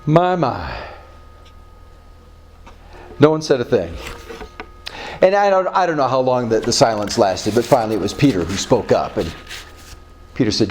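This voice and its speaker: A male pastor preaching a sermon, telling a story with chuckles and animated character voices. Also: mid-range voice, moderate pace, long pauses, soft background music.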